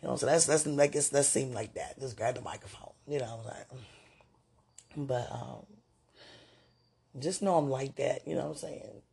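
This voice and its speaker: A woman's voice: rumbling low, a little slow, gravelly, pauses often, warm tone, breathy edge. A woman hosting a spiritual podcast, speaking to a loved one in a gushing, giggly, rambling way, full of "you know"s. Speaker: podcast host.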